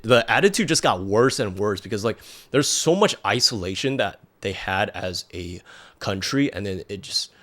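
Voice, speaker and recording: A man's voice: on the low side, a bit bright. A man in his thirties tells a personal story in a rambling, casual way, full of "like" and "um". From United States. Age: 30s. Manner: rambling, lots of "like" and "um". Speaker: podcast host.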